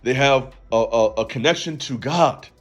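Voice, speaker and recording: A man's voice: mid-range voice, normal speed, soft background music. A man hosting a faith channel, giving a motivational talk in an emphatic, preachy way and calling out to the listener directly. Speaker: channel host.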